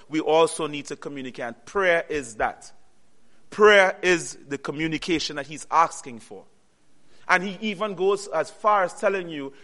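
Earnest high-voiced male preacher. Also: bright, forceful tone. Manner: call-and-response, pausing on "what?" for the audience to finish; earnest, repeats key phrases. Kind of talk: sermon.

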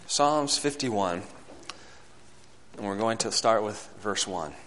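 A male preacher delivering a sermon, swinging between loud, fervent climbs and hushed, low passages, and reading scripture aloud in old-fashioned wording. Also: lively intonation, slow, slight background noise. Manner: reads scripture aloud in King James wording.

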